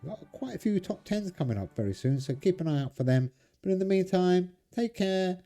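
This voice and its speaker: A man's voice: high voice, animated, brisk, dark tone, soft background music. Chatty man narrating a card game. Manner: chatty, talks to viewers while playing cards. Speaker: game channel host. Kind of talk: casual gameplay commentary.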